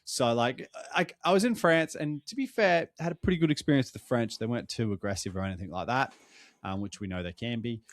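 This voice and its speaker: A man's voice: medium pitch, fairly quick, dry recording. A young Australian man, tired after a long trip, telling stories in a casual chat, swearing freely as a podcast co-host. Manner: swearing, animated storytelling.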